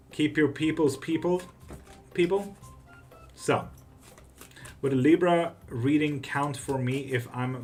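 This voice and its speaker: A man hosting a live tarot stream, casually chatting, swearing freely and answering viewers' messages. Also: medium pitch. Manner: relaxed, swears freely, greets and answers chat. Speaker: tarot reader and livestream host.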